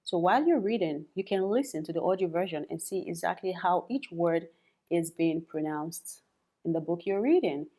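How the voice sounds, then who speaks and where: A woman's voice: fairly low pitch, animated, normal speed, warm tone. A young adult woman teaching English in a chatty spoken lesson, repeating words for practice and laughing often.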